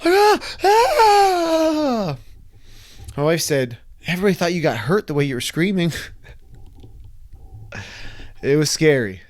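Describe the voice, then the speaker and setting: Animated man telling a wild story. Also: fairly high pitch, moderate pace, pauses often. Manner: animated, acts out his own screams and quotes. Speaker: vlogger telling a personal story. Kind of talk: casual storytelling to camera.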